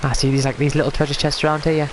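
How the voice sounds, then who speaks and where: A man streaming a game, rambling chattily to a friend, his pitch leaping up now and then. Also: little pitch movement, very fast, noisy background. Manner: chatty, rambling, with sudden high jumps in pitch. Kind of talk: casual gameplay commentary. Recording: game music playing behind.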